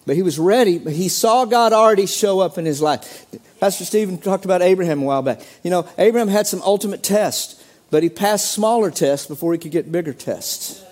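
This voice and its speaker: Animated preaching man, higher voice. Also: brisk. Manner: animated preaching, acts out quoted voices with sudden pitch jumps. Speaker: pastor. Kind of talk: sermon.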